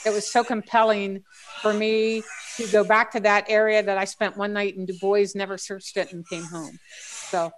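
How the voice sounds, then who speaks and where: A woman's voice: mid-range voice, level tone, normal speed. Woman chatting on a call, rambly, lots of "i, i" restarts, faint hiss behind. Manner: rambling, stacks restarts and fillers. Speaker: guest treasure hunter. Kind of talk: casual group chat.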